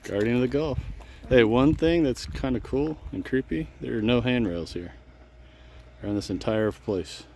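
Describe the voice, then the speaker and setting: A man's voice: mid-range voice, moderate pace, gravelly, darkish tone. A middle-aged man, a gardening vlogger, chatting enthusiastically through a casual travel vlog.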